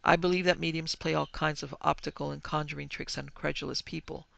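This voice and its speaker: A skeptical German businessman, stiff and formal in his speech, voiced by a male narrator with a gravelly tone. His pitch barely moves, and the recording is close and dry. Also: flat delivery, a little fast, a bit bright, dry recording, dull audio.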